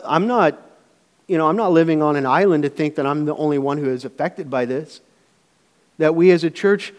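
A man's voice: fairly high pitch, darkish tone, big-room sound. A middle-aged man preaching a sermon as pastor, telling family stories in a loose, conversational way with frequent restarts. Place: church sanctuary.

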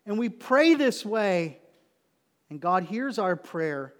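A man preaching a sermon to his church in an earnest, conversational way, sometimes dropping to a hush. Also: high-pitched, big pitch swings, slow pace, in a large hall. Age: adult. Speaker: pastor.

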